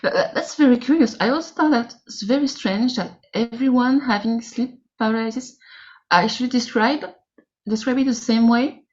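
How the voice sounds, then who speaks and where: A woman with a French accent chats as a guest on a podcast. She speaks in halting, careful English and often stops to search for the right word. Her audio is a little dull and muffled. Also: a little high. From France. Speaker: guest author. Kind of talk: casual podcast chat.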